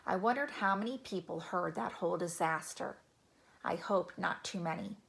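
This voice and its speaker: A woman narrating a children's chapter book in a gentle, even reading voice. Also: lowish voice, moderate pace, creaky. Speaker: audiobook narrator. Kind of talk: storybook narration.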